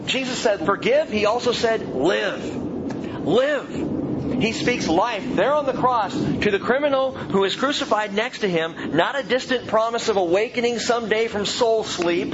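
A man preaching a sermon as pastor, swinging from loud, high emphasis to hushed, slow reflection. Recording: dull, muffled low-fi sound with faint background hum.

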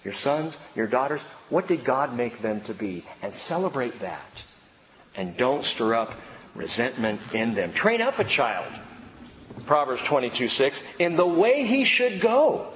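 A middle-aged male pastor preaching a sermon with animated delivery, acting out the voices of children and parents. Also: mid-range voice, measured pace, slight background noise. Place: church sanctuary. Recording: long reverb in a large hall, faint background ambience.

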